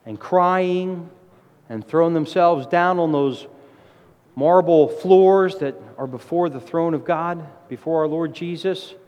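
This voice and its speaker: A middle-aged man preaching a sermon with emphatic delivery, his voice rising to loud exclamations. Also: fairly high pitch, takes it slowly, dull audio. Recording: long hall reverb.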